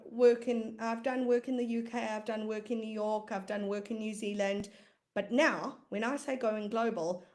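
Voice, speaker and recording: A woman with a South African accent, giving a motivational talk as a business coach and comedian, emphatic and repeating phrases for weight. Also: medium pitch.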